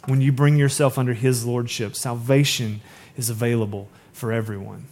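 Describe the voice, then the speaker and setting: A male pastor preaching a sermon, chatty with asides, swinging between raised, urgent lines and soft, hushed emphasis. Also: medium pitch, fairly even intonation, moderate pace. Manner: conversational asides.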